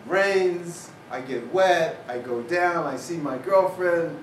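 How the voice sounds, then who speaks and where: A man with a fairly high voice speaks slowly as a guest speaker before a lecture hall audience at a university. His talk is full of funny personal tales and wry asides, and the recording is noisy, roomy, and taken from a distance.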